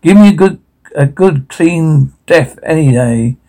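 A man's voice: a little high, expressive, a little slow, gravelly, warm tone. A man reading the part of an arrogant knight aloud from a script, blunt and callous. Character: arrogant knight, adult male.

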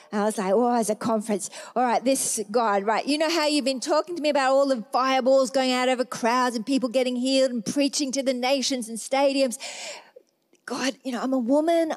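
A woman preacher giving a sermon testimony, acting out her own past prayers in lively storytelling. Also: sits high.

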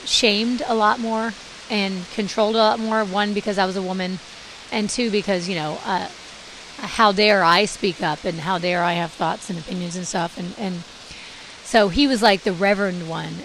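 A woman in her forties telling her life story in a casual podcast monologue, talking in lively bursts and acting out the dialogue she quotes, with many fillers. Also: medium pitch, low-quality recording. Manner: animated, acts out quoted dialogue, frequent fillers. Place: indoors during heavy rain. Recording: faint hiss and rain noise.

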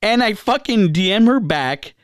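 Podcast host guy telling a story, loose and animated, dry close mic. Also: normal speed, no room sound. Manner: animated storytelling, acts out quotes with big pitch jumps. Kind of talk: casual podcast chat.

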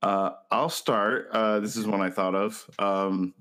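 Man co-hosting a casual chat, low voice, halting and filler-heavy delivery. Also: steady tone, a bit bright, clear, resonant tone. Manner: hesitant, many fillers and restarts. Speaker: podcast co-host.

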